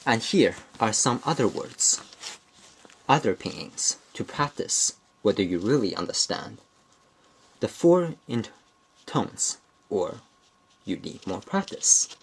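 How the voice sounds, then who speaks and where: A man teaching a beginner language lesson, explaining step by step in a deliberate, methodical way and often restating or correcting himself mid-phrase. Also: on the low side, sing-song, slight background noise. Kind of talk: slow explanatory lesson narration.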